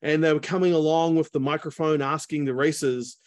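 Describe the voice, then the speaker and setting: A chatty man spinning a yarn over a video call, peppering his talk with asides. His voice sits a little high, and the sound is close and dry with no room behind it. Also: fairly even intonation, brisk, darkish tone, dry recording. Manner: chatty, lots of fillers and asides. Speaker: speaker. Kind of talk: casual storytelling talk.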